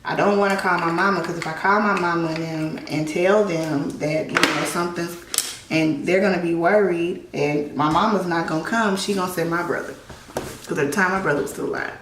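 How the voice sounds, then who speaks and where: A woman's voice: lowish voice, fairly even intonation, a little fast. A woman vlogger at home telling a personal story in a conversational way while getting ready, acting out the dialogue as she goes. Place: at home, in a room. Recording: echoey room, distant mic, background noise.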